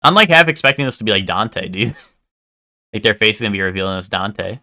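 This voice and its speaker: Bright-voiced man rambling to stream chat. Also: on the low side, expressive, quick pace. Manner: rambling, full of "like" and "um", swears casually. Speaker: live streamer. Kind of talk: casual live-stream chat with viewers.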